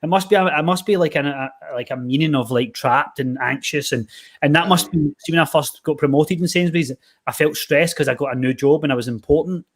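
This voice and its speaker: A man's voice: on the high side, fairly quick. A Scottish man hosting a podcast, telling rambling stories in casual chat. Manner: rambling, animated storytelling with lots of fillers. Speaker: podcast host, personal trainer.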